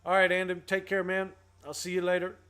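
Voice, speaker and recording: A man's voice: high voice, completely flat delivery, a little fast, pushed and bright, clear, resonant tone. A man hosting a casual trading livestream, upbeat and playful with slangy banter while he greets viewers. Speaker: host.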